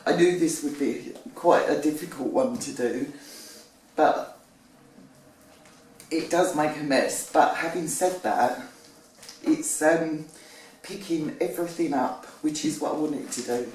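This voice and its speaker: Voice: medium pitch, takes it slowly, pauses often, darkish tone, slight background noise. A home baker demonstrating a recipe in a kitchen, chatting and poking fun at their own mistakes with the odd um. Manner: chatty and self-deprecating, thinking aloud with ums. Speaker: home baking presenter. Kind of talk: casual cooking demonstration. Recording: roomy kitchen, mic at a distance.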